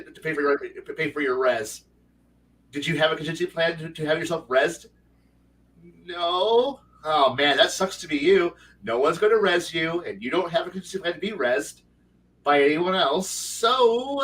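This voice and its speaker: A man's voice: a little high, expressive, moderate pace, fairly bright tone, distant mic. A man, a game master and co-host, telling a tabletop game story in casual, rambling chat with lots of fillers and restarts. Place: home livestream setup.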